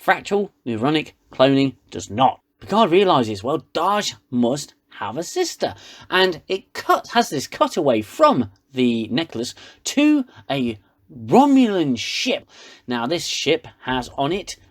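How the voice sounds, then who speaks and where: A man's voice: fairly high pitch, very animated, slow pace. A man giving a sarcastic, ranting comedic recap of a TV episode. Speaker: reviewer.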